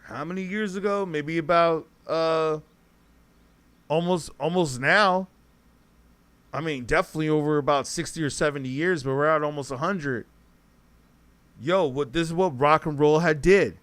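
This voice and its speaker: Smooth-voiced man rambling on a livestream. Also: fairly high pitch, a little slow, long pauses, a bit bright. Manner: rambling, talks to chat, self-correcting. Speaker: podcast host reading live chat. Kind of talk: casual livestream commentary.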